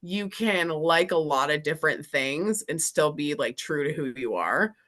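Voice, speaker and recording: A woman's voice: low voice, animated, a little slow, fairly bright tone. A woman from Massachusetts, a union laborer who is a guest on a podcast, talking casually, chatty, laughing often and filling her talk with "like".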